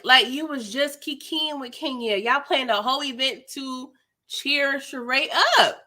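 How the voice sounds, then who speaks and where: A woman's voice: sits high, a little slow, sharp tone. A young woman giving a sassy, slangy, casual recap of a reality TV episode, full of "like" and "girl".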